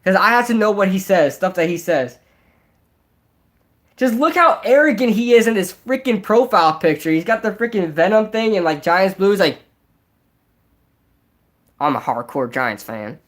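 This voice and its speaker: A young man with a nasal, high-pitched voice chatting casually and rambling on a live sports stream. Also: expressive, moderate pace, fairly bright tone. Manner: rambling, filler-heavy, restarts. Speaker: sports vlogger.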